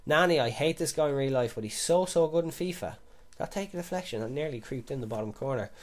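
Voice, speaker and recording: A young man giving casual live commentary over a football video game, chatty and swearing constantly, with sudden loud excited shouts. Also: mid-range voice, fast talker. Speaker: gaming YouTuber.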